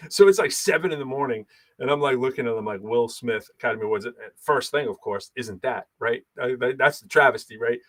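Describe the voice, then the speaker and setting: A man in his thirties, host of a relaxed talk show, who rambles with lots of fillers and frequent laughs. His pitch climbs and dips a lot as he talks. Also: fairly quick. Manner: animated, laughs often, many fillers. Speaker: podcast host and battle rapper. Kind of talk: casual chat.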